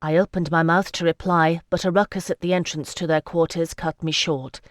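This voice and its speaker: Calm, dry audiobook narration. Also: mid-range voice, normal speed, no room sound. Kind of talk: scripted fantasy narration.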